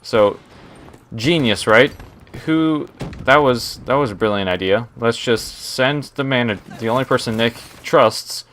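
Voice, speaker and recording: A man's voice: medium pitch, unhurried, a bit bright, slight background noise. A young man telling a rambling work story while playing a shooter game, often breaking off to react to the match. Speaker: gaming storyteller. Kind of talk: story time over gameplay commentary.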